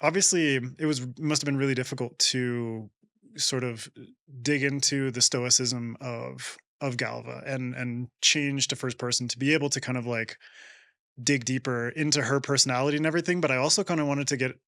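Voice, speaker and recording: A man co-hosts a podcast interview, talking loosely and enthusiastically with lots of fillers. His voice is bright. The sound is dry and close. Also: medium pitch, steady tone, moderate pace, no room sound. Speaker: podcast co-host. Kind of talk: casual interview.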